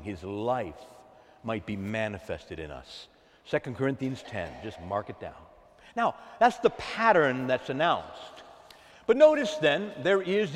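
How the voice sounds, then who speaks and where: Man preaching, lively rising pitch, emphatic call-and-response, long hall reverb. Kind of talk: sermon.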